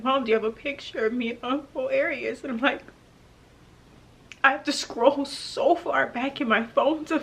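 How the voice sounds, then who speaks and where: A young adult woman telling a painful personal story to camera, halting and emotional, with pauses and restarts. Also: fairly high pitch, a bit bright, husky. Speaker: vlogger.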